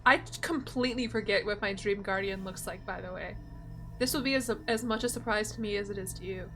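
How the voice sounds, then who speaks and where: A woman's voice: mid-range voice, brisk, fairly bright tone, faint music behind. A young woman streamer chatting casually while she plays, giggly and self-deprecating. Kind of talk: casual gameplay commentary.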